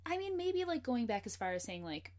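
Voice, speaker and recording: A woman's voice: a little high, big pitch swings, a little fast, darkish tone. A woman guest on a podcast, chatting casually, laughing often and reading passages from a book aloud. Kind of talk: casual chat.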